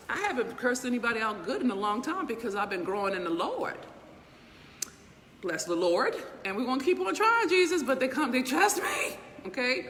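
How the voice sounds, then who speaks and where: A middle-aged woman with a fairly high voice delivers a motivational livestream talk, emphatic and blunt, with casual profanity and constant rhetorical check-ins. Her voice rings with a long reverb. Faint background noise sits behind her. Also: a bit bright. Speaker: inspirational speaker and business mentor.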